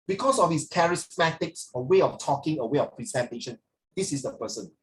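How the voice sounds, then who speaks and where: A male teacher with a fairly high, expressive voice leads a loose, chatty class at a brisk clip, switching between English and Mandarin mid-sentence. He's playful and keeps teasing his students. The recording is rough, with slight background noise.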